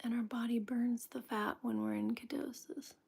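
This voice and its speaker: A woman hosting a casual cooking chat, rambling with restarts and often dropping into soft near-whispers. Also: fairly high pitch, fairly even intonation, normal speed, gravelly, slightly rough. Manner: chatty and rambling, with frequent restarts. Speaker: host of a cooking chat stream. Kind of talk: casual chat while cooking, reading viewer comments.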